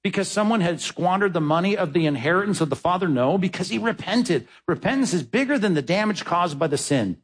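A man's voice: high-pitched, expressive, a little fast, few pauses, breathy edge, poor audio. A man, a pastor, preaching a sermon in an emphatic, conversational way, rising sharply for emphasis.

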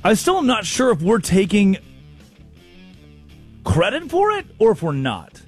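A man hosting a comedic sports radio show, spinning stories and slipping into voices for the people he quotes. His voice sits a touch high and jumps around a lot, with faint guitar music playing underneath. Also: a little slow. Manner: storytelling, mimics people in quotes, animated.

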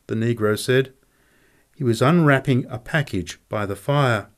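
An audiobook reader, male, narrates a scripted story in a mid-range, unhurried voice. He gives each character a turn, reading the dialogue in a lively, expressive way.

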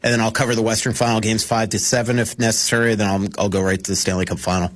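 A man's voice: lowish voice, level tone, very fast. A man who covers hockey, talking casually as a radio guest, rambling with lots of fillers and restarts. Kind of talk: casual radio sports talk.

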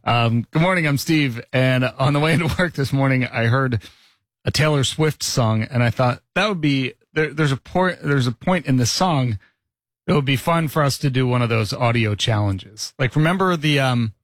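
A man hosting a morning radio show, setting up a bit in casual studio banter with halting, rambling phrasing. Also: medium pitch, no echo. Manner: rambling, halting setup with fillers.

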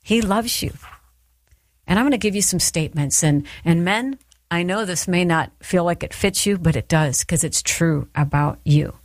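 A middle-aged woman giving an earnest, encouraging devotional talk to her listeners, with soft emphatic pauses. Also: on the low side, no echo, clean studio sound. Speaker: Christian speaker.

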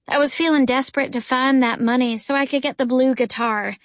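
A woman narrating a first-person children's story in an expressive, lively way. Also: a little high, brisk, hardly any pauses, dry recording, studio quality. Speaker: audiobook narrator.

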